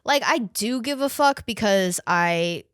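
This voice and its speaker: A woman's voice: mid-range voice, lively intonation, a little slow, smooth, no echo, studio quality. A woman in her twenties hosting a podcast, chatting casually in a rambling, profane way. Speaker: podcast host.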